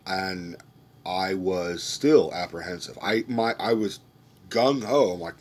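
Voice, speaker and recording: A man's voice: fairly low pitch, takes it slowly. A young man giving a rambling, profanity-laced casual movie review rant, often restarting his sentences.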